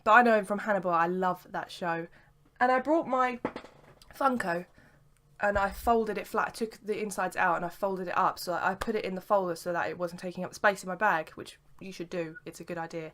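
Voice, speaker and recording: A woman's voice: lowish voice, a little fast, a bit bright, slight background noise. Chatty young woman vlogging. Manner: chatty and rambling, lots of "sort of" and "like". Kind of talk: casual chat.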